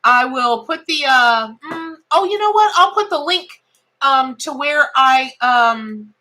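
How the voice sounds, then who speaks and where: A woman's voice: high-pitched, animated, slow pace, pushed and bright. A middle-aged woman, hosting a casual live-stream tarot reading in a chatty, exclamatory, folksy way.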